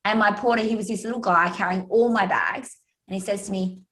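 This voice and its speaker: A woman's voice: medium pitch, fairly even intonation, brisk, a bit bright, low-quality recording. An Australian woman, a guest speaker and author, talking in a chatty, storytelling way on a podcast. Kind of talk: casual podcast interview.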